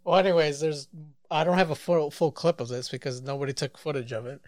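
A man co-hosting a podcast, bantering over news clips with constant swearing and excitable outbursts. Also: a little high, fast, no echo. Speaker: podcast co-host.

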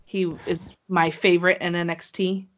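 A woman co-hosting a casual podcast chat, talking in an excitable, gushing way. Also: on the low side, moderate pace, lo-fi sound. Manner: excitable, gushing fan talk. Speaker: wrestling show co-host.

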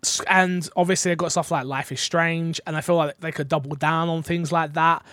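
A man's voice: on the high side, steady tone, a little fast, bright, forceful tone, no room sound, clean studio sound. A man co-hosting a casual podcast, rambling and teasing, often restarting his sentences. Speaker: podcast co-host. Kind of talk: casual chat.

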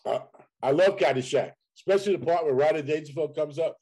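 A man's voice: fairly high pitch, fast talker, dark tone. A man in casual conversation, reminiscing and swearing freely. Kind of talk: casual chat.

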